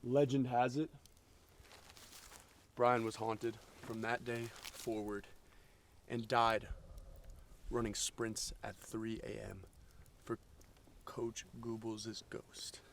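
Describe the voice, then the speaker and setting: A man's voice: mid-range voice, flat delivery, takes it slowly, pauses often, far from the mic, slight background noise. A young man telling a campfire story to friends, hamming it up. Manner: hammy, playing it up.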